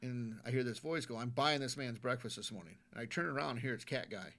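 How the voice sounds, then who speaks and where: A man's voice: mid-range voice, quick pace, background noise. A man, a Navy veteran guest, telling stories in a casual interview, earnest and often repeating words as he restarts his sentences.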